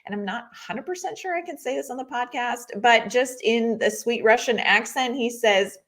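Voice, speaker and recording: A woman's voice: on the high side, normal speed, a bit bright. Gushing female podcast co-host. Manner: enthusiastic, gushing, rambling. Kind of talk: casual sports podcast chat.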